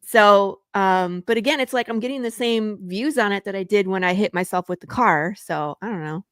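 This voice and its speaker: A woman's voice: mid-range voice, moderate pace, clear, resonant tone, no room sound, clean studio sound. Chatty laughing woman podcast host. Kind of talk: casual chat.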